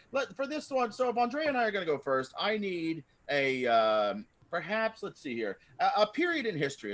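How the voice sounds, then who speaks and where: A man's voice: on the high side, a bit bright. A man hosting an improv comedy show over a video call, chatty and rambling. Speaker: improv host. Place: home via video call.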